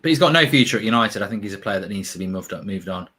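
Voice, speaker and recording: A man's voice: on the low side, animated, racing, fairly bright tone, breathy edge. A man hosting a casual football watchalong, talking in a rambling, chatty way and reading out viewer comments. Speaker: watchalong host.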